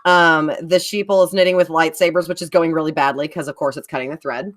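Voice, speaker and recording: A woman with a somewhat low voice chats as a guest on a live stream. Her talk is loose and rambling, full of fillers. She sounds casual and unscripted. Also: fairly even intonation, fast talker. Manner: chatty, rambling, many fillers. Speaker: guest, bag designer. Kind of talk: casual chat.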